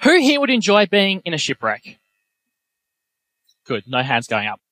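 A young man preaching a sermon, telling self-deprecating personal stories in a lively way. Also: high voice, a little slow, no echo.

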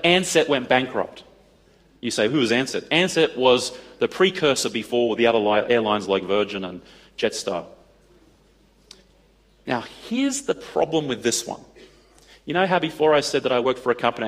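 A man telling a story to an audience, acting out the dialogue in an animated way. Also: medium pitch, normal speed. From Australia. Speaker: speaker addressing an audience. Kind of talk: storytelling talk.

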